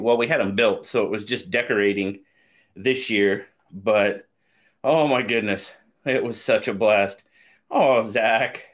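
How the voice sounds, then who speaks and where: A man's voice: medium pitch, fairly bright tone. A man hosting a casual live stream, upbeat and chatty, greeting viewers by name and a little out of breath. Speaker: knife channel host.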